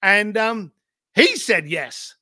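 Speaking slowly, a middle-aged man on a podcast tells business stories with emphasis and animation in a high, sharp, bright voice. Rhetorical questions come one after another, and he swears casually. The close, dry recording has no room sound.

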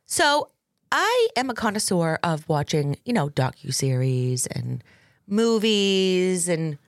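A woman with a Massachusetts accent co-hosts a true crime podcast, chatting casually and reading news articles aloud with asides. Her fairly low voice swings widely in pitch at a slow pace, in a studio-quality recording with no echo.

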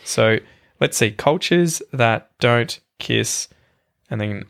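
A man's voice: medium pitch, lively intonation, slow pace, vocal fry, fairly bright tone, smooth. A man in his thirties with an Australian accent, a guest chatting casually on a podcast, hedging and poking fun at himself. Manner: chatty, hedging and self-deprecating. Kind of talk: casual chat.

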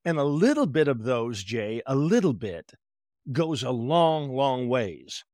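A man, a therapist guest on a podcast, telling stories in an animated way and acting out conversations with clients. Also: medium pitch, takes it slowly, dry recording, clean studio sound. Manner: animated storyteller, acts out client dialogue. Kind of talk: podcast interview.

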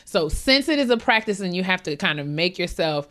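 A young woman co-hosting a podcast in a relaxed, candid way, rambling a little and falling into casual slang. Her voice sits somewhat low for a woman. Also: fairly quick. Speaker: podcast co-host.

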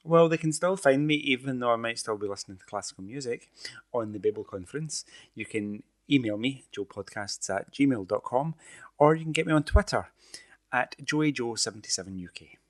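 A man's voice: medium pitch, animated, brisk. A man co-hosting a podcast, chatting casually and reading a sponsor message, with playful theatrical asides. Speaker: podcast co-host.

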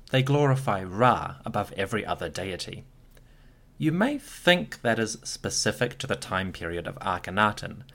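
A man hosting a history podcast, reading a scripted narration with lively storytelling and occasional wry asides. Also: lowish voice, vocal fry. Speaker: podcast host.

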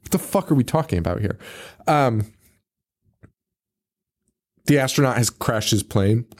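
Animated laughing man recapping a movie. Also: mid-range voice. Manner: laughs often, swears, acts out characters in quick voices. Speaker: podcast co-host. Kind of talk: casual movie recap chat.

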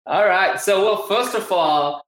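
Excitable male livestream host, roomy sound. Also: high-pitched, measured pace. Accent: Southern US. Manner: enthusiastic, rambling, many restarts. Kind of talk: live-streamed interview.

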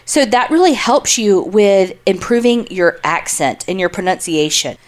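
A woman's voice: medium pitch, expressive, normal speed. Southern woman, playful podcast co-host doing a casual ad read. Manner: playful, jokey.

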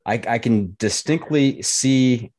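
A man's voice: mid-range voice, slow pace, a little mellow. A man hosting a casual podcast interview, easygoing and joking dryly with his guest. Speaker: podcast host.

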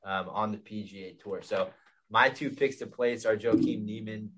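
A man's voice: fairly low pitch, fairly even intonation, moderate pace, a bit bright, rough recording. A man co-hosting a podcast, steadily going through golf betting picks with frequent "um" fillers.

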